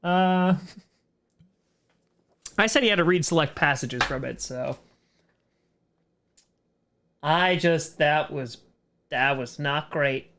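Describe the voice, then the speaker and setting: High-voiced man rambling through a stream Q&A. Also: takes it slowly, pauses often, sharp tone. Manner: rambling, self-interrupting, laughs often. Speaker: streamer host. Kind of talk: casual livestream Q&A chat.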